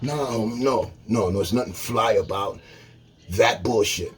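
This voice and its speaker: Man, vlog rant, very husky voice, blunt and emphatic, swears a lot. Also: measured pace, soft background music. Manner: blunt, emphatic, swings from loud to low. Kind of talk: profane street-talk rant to camera.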